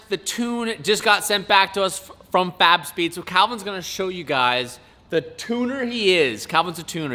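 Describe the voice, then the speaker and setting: A young man hosting a casual car vlog, chatting excitedly with lots of "like" and "dude". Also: high-pitched. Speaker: car vlogger host. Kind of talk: casual chat. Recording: loud background noise.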